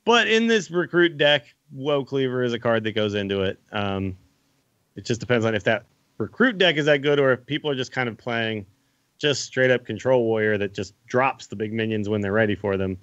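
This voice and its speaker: A man's voice: medium pitch, expressive, normal speed, a bit bright, no room sound. A man co-hosts a card game podcast and talks his ideas through, hedging and restarting as he goes. His voice is dry and a little dull and muffled. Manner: thinks aloud, with frequent restarts and hedges. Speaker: podcast co-host. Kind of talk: casual card game discussion.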